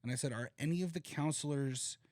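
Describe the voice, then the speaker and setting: A man's voice: a little high, brisk, darkish tone, dry recording, studio quality. A man co-hosting a podcast in casual chat, telling stories with lots of swearing and laughter. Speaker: podcast co-host.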